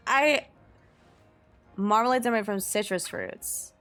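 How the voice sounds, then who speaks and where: A woman's voice: fairly high pitch, a little slow, fairly bright tone, faint music behind. A young woman streamer in casual live-stream chat, musing aloud and reading search results. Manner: chatty and musing, reads search results aloud with frequent laughs.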